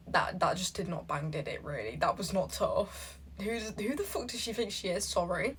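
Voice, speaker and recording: A young woman hosting a reaction video, chatting casually and reading posts aloud in a brash, sassy, foul-mouthed way with quick bursts. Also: mid-range voice, expressive, breathy edge.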